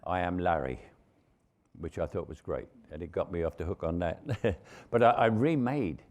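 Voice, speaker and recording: An older man with a London Cockney accent, a veteran actor telling anecdotes on stage as a relaxed raconteur. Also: sits low, moderate pace. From England. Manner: relaxed raconteur, frequent restarts and chuckles.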